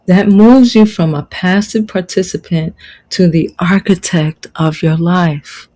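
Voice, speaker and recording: A woman's voice: fairly low pitch, fairly even intonation, measured pace, warm tone, rough recording. Preachy, emphatic woman life coach. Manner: preachy, emphatic, repeats key phrases. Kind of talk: motivational online lesson.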